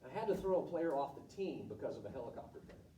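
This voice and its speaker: A middle-aged coach speaks bluntly and candidly to students, with stories from his career. His voice is mellow and a little high for a man. The sound is roomy and echoey, picked up from across the room. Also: very animated, fast talker, recorded from a distance, a little hiss or hum. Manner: candid, blunt, storytelling with acted quotes. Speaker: volleyball coach giving a talk. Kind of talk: informal presentation to students.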